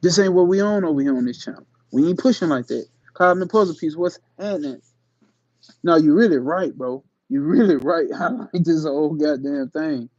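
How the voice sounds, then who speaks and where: Male channel host, fairly high voice, emphatic reading broken by slangy asides, dry dull recording. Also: moderate pace, a little mellow, no room sound. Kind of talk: reading aloud with casual commentary.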